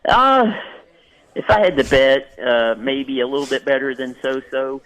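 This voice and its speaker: A man calling in as a sports editor guest, talking in halting stop-start phrases. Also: mid-range voice, level tone, dry recording, rough recording. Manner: halting, repeats words as he starts sentences. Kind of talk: phone-in sports interview.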